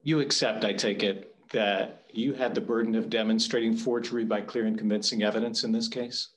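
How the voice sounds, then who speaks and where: A man, an appellate judge, questioning an attorney in court in a probing, deliberate way. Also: on the low side, steady tone.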